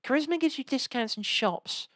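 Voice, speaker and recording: A woman's voice: high-pitched, lively intonation, moderate pace, fairly bright tone, dry recording. A woman chatting casually and rambling while she live-streams old games. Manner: rambling, chatty, lots of restarts and asides.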